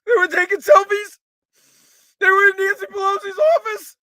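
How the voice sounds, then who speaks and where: A man's voice: sits high, fairly quick, gravelly, dry recording. Brief: a man sending up a pompous, self-pitying lawmaker, dry close sound. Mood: mocking, theatrical. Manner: sarcastic parody, rising to a shout. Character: mock-solemn male politician, theatrical and self-pitying.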